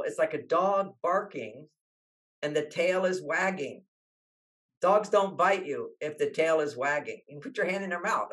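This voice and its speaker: An older man, a relationship author, telling stories in an interview and acting out the people he quotes. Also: a little high. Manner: animated, acts out quoted voices. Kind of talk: storytelling interview talk.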